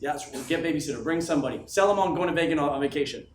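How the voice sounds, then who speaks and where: A man delivers a motivational speech to a live audience, dropping low and close, then shouting his repeated rhetorical questions. His voice sits a little high for a man. It is picked up from a distance in a roomy, echoing space with faint background noise. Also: rapid-fire. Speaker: motivational speaker addressing his team. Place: large office room with an audience. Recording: echoey room from a distance with faint ambience.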